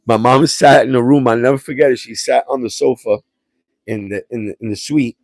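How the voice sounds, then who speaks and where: A man from Puerto Rico hosts his own livestream and tells family stories in a casual, rambling way, with slang and restarts. His voice sits at an ordinary middle pitch. It is recorded dry and close, with no room sound around it. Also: steady tone, moderate pace, a little mellow, no room sound. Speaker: livestream host.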